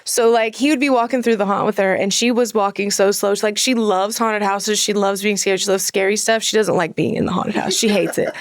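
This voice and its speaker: A woman guest in a casual chat, an animated, playful storyteller. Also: mid-range voice, fairly quick, hardly any pauses, no room sound, clean studio sound.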